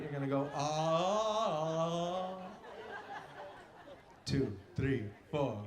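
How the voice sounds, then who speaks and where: Playful high-voiced man singing live. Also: expressive, takes it slowly, long pauses, over loud music. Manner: playful, coaching the crowd to sing along. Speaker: singer and entertainer. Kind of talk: live concert singing with crowd banter. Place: outdoor plaza stage. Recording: echoey outdoor stage recording with loud band.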